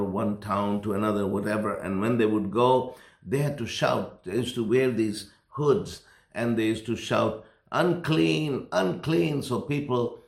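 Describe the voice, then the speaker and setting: Gravelly low-voiced man preaching. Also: a little mellow, reverberant. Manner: earnest, rambling with restarts, rising intensity. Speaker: pastor. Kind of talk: sermon storytelling.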